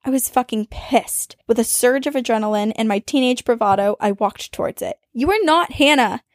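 A woman podcast host reading a listener's ghost story aloud, with dramatic storytelling that speeds up and slows down for suspense. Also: a little high, steady tone, darkish tone, no echo, clean studio sound.

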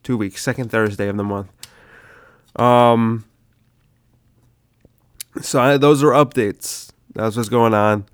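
A man's voice: mid-range voice, steady tone, slow pace, pauses often, smooth, no echo, studio quality. A sick man hosting his comedy podcast, rambling loosely with swearing and lots of "dude". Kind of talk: casual rambling monologue.

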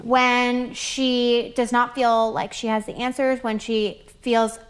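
A woman in her twenties chatting casually and telling animated family stories with lots of fillers. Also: on the high side, slow. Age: 20s. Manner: animated storyteller, many fillers. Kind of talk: casual chat, storytelling.

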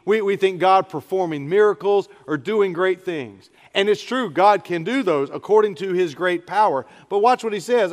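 A middle-aged man, preaching an earnest, conversational sermon. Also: sits high. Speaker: pastor. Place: church sanctuary. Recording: church hall reverb.

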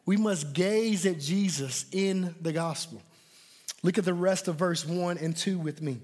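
A man's voice: high voice, measured pace, darkish tone. A man preaching a sermon, emphatic, often repeating words as he presses his points. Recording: long hall reverb.

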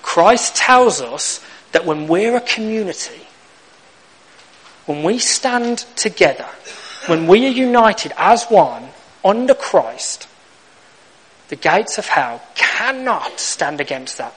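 A man's voice: sits high, sing-song, slow pace, pauses often, a bit bright, rough recording. A young man preaching a sermon, telling stories with humor and acting out little exchanges. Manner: humorous storytelling, acts out lines.

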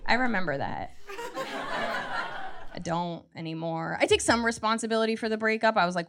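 A woman's voice: medium pitch, lively intonation, normal speed, long pauses. A woman in her thirties doing a stand-up comedy set, telling wry, self-mocking stories that build to punchlines. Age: 30s. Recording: noisy live stand-up recording.

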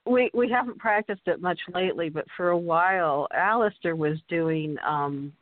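A woman's voice: lowish voice, moderate pace, no room sound. Woman co-host on a tinny phone line. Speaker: podcast co-host. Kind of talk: casual chat.

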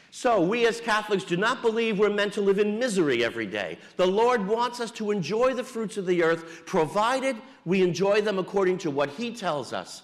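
A man's voice: high-pitched, sing-song, moderate pace, hardly any pauses, in a large hall. A man, a Catholic priest, giving a homily in a conversational preaching style with wry jokes, in a church.

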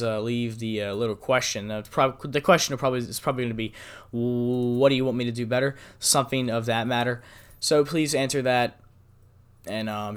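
A man's voice: mid-range voice, a bit bright, clean tone. A young man hosting his own podcast alone, rambling casually with many fillers and restarts. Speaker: podcast host. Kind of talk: solo podcast monologue.

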